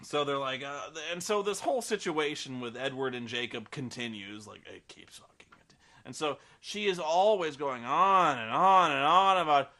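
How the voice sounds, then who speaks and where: A man reviewing a film with rambling, profane sarcasm. His voice is bright and slightly high, and it bounces around a lot. He talks the plot through in scoffing asides. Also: animated, normal speed.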